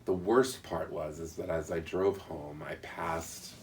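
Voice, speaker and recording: A man in an interview telling a personal story in an earnest, halting, reflective way. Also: sits low, steady tone, far from the mic, a little hiss or hum.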